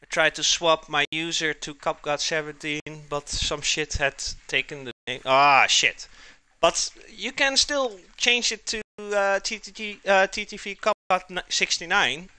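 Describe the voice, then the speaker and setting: Bright, crisp-voiced man streaming his cooking. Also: fairly high pitch, measured pace, hardly any pauses, no room sound. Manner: joking, chatty, reads and answers chat aloud. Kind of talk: casual live-stream chat while cooking. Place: home kitchen.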